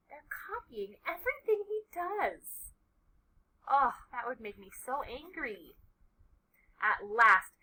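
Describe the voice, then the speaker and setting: Slow, dramatic storytime teacher woman. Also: high-pitched, sing-song, low-quality recording. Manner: dramatic, with hushed asides and loud emphasis. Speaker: preschool teacher reading aloud. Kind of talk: children's read-aloud.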